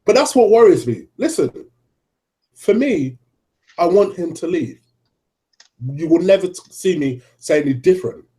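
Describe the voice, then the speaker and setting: A man's voice: sits high, very animated, normal speed, pauses often, mellow. A young man arguing his side of a football debate in an earnest way, often breaking in with "listen". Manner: earnest, interjects with "listen", laughs easily. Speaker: co-host.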